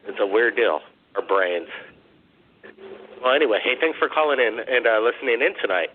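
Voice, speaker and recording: A man's voice: medium pitch, animated, moderate pace, pauses often, slight background noise. Rambling male call-in radio host. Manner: chatty, rambling, repeats questions. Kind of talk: casual call-in radio chat. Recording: tinny phone-like audio.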